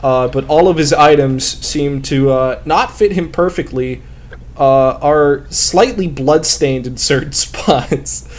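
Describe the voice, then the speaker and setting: A man's voice: fairly high pitch, takes it slowly. Rambling, swearing male gamer. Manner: rambling, swears often, many fillers. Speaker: gamer and podcast host. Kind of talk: casual chat while playing a game. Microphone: desk mic close up.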